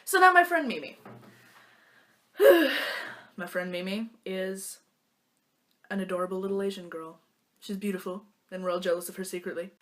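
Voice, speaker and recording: A woman's voice: mid-range voice, moderate pace, long pauses. A young woman casually telling stories to a phone camera, playful and jokey, acting out her friends' lines in silly voices. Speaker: vlogger. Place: small room lit by a lamp.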